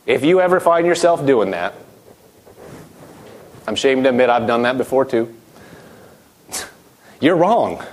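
A man's voice: mid-range voice, lively intonation, measured pace, pauses often, slight background noise. A middle-aged man preaching a sermon, emphatic, his voice rising and dropping sharply as he acts out quoted voices.

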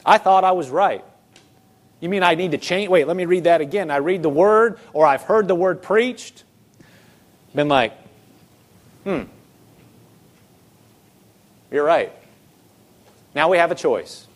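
Male pastor, high voice, earnest sermon delivery with acted-out inner voices. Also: expressive, unhurried, long pauses. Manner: earnest preaching, quotes scripture, acts out inner dialogue.

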